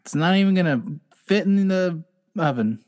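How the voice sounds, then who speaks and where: Man putting on a proud folksy mom, raised pitch, halting, improv comedy. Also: expressive, a little mellow. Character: proud middle-aged mother who built the turkey.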